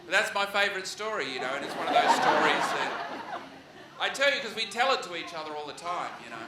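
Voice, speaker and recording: A man's voice: high-pitched, animated, fast, a loud crowd. An Australian man of forty telling a comic story on stage in a chatty, rambling way. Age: 40s. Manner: chatty, rambling, laughing asides. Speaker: comedian. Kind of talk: stand-up storytelling. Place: live event hall. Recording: echoey hall with loud background noise.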